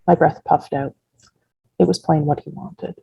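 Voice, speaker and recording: An author reading her first-person novel aloud in a measured, unhurried way. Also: deep voice, fairly even intonation, creaky, husky, no room sound, lo-fi sound.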